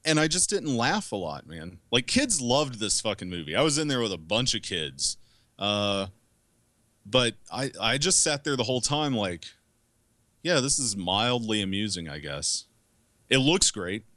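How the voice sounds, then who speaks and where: A man's voice: medium pitch, very animated, moderate pace, bright, forceful tone, no room sound. A man co-hosting a movie podcast, giving blunt, profane opinions in casual chat. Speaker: podcast co-host.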